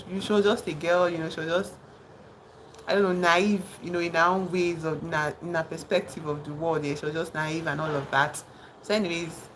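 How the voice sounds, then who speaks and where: Woman vlogger, low gravelly voice, loose rambling storyteller, chatty while doing makeup. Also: fairly bright tone, slight background noise, rough recording. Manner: chatty, rambling, peppered with "you know" and "like". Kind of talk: casual storytelling chat.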